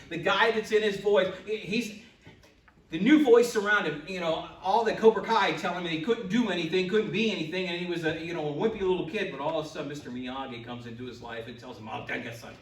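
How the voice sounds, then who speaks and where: A man preaching a sermon as a pastor, lively and building to loud exclamations. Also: high-pitched, brisk, a little hiss or hum. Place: church sanctuary. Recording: echoey church, mic from a distance.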